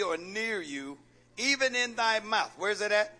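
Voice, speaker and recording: Male pastor, very high voice, sharp tone, call-and-response sermon with teasing rhetorical questions. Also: expressive, unhurried. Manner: preacher's rhetorical questions, coaxing and joking. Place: church sanctuary with congregation.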